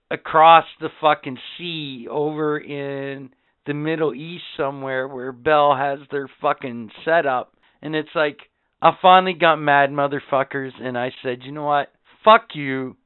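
This podcast co-host has a smooth, mid-range voice with no echo. He's a profane, ranting storyteller, angrily telling tales in casual conversation, and the sound is tinny like a phone.

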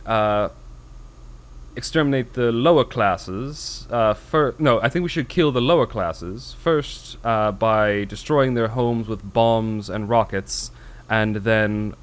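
A man putting on a callous, posh upper-class British gentleman in a deadpan monotone with a posh British accent. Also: lowish voice, natural voice.

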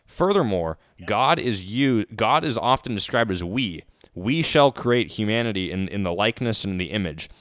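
A man's voice: fairly low pitch, expressive, moderate pace, a bit bright, no room sound. A man hosting a podcast, speaking hesitantly with many fillers and restarts in casual conversation. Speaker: podcast host.

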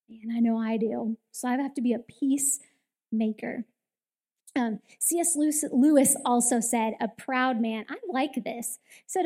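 A woman in her thirties giving a Mother's Day church talk, telling a story in an animated way and acting out the quoted lines. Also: on the high side. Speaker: women's ministry speaker. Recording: long hall reverb.

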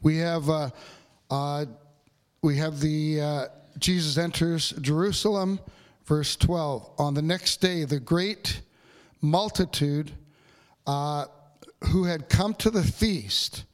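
Conversational pastor preaching a sermon. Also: male voice, slow pace. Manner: conversational, with filler words and asides to the congregation; builds to excited, higher-pitched preaching.

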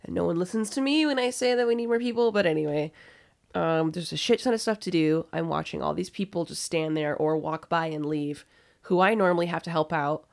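A young woman with a low, gravelly voice, chatting casually on a podcast. She tells stories bluntly and swears a lot as she goes. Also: fairly quick, darkish tone. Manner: blunt, swears freely, storytelling. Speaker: podcast co-host. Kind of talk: casual chat.

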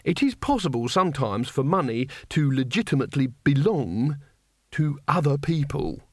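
Man doing a polite schoolmaster, patient, fussy, sighing, lively rising voice. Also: on the high side, measured pace, dry recording, studio quality, voice pushed up. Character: prim, patient male schoolteacher, middle-aged.

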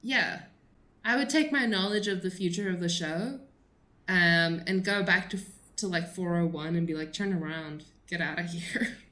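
A woman's voice: on the low side, moderate pace, pushed and bright. Giggly rambling woman in a roomy echo. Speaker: podcast co-host. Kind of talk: casual chat.

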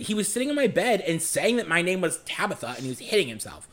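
A man's voice: a little high, very animated, quick pace, hardly any pauses. A young man co-hosting a podcast, telling a story casually, swearing often and acting out the lines he quotes. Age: young adult. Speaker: podcast co-host.

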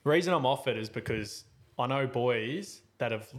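A man hosting a podcast, telling a story in a casual, animated way and acting out his own lines. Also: medium pitch, moderate pace. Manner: animated, acts out his own quotes loudly. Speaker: podcast host.

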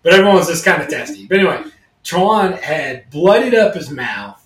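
Man, fairly high voice, rambling storyteller, roomy echo, a bit off-mic. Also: brisk, distant mic. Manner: rambling, animated storyteller who acts out quotes. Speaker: podcast co-host. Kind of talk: casual storytelling chat.

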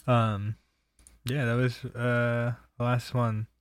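A man's voice: medium pitch, level tone, slow pace, clear, resonant tone, dry recording, studio quality. A young man telling personal stories in a casual, rambling way, swearing freely and filling with "like" and "um". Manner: rambling and profane, full of fillers. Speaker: storyteller.

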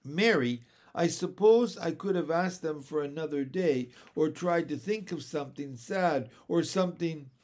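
A man voicing a jolly elderly uncle, hearty and booming, talking through fits of laughter. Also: unhurried, a little mellow, natural voice. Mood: jovial.

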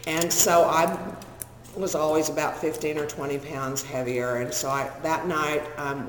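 A woman's voice: deep voice, slight background noise. Woman, 60s, Texan accent, frank self-mocking storyteller addressing a crowd in a reverberant hall. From Northern California. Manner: candid, self-deprecating, humorous storyteller. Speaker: speaker sharing her recovery story. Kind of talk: personal storytelling to an audience. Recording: echoey hall with long reverb.

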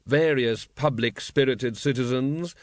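A man voicing a cool, aristocratic male city ruler who speaks slowly with a smooth, polite drawl. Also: mid-range voice, no room sound, lightly acted.

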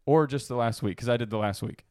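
Man, podcast co-host, rambling casual chat, laughs a lot, mid-pitched voice, dry close mic. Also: fast, a little mellow, clean tone, no echo. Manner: laughing, rambling, swears freely.

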